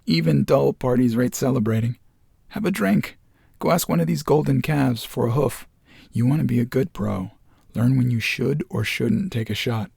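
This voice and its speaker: Guy doing a blunt tough lady reporter, brassy and bossy, husky underneath. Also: mid-range voice, normal speed, a little mellow, no echo, studio quality. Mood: brash. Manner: brash, blunt. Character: blunt, shrewd woman reporter of forty.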